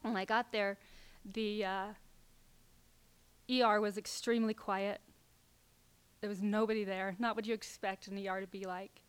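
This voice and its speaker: Brief: middle-aged woman, plain mid-pitched voice, halting personal storytelling, slips into near whispers. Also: flat delivery, smooth. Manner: halting, with fillers and restarts, dropping at times to a near whisper. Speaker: speaker telling a personal story.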